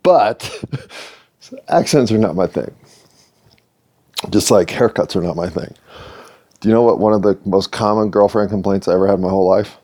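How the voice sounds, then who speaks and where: A man's voice: on the low side, unhurried, pauses often, mellow. A middle-aged American man hosting his own video series, talking earnestly to the camera with playful asides. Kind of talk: reflective monologue to camera.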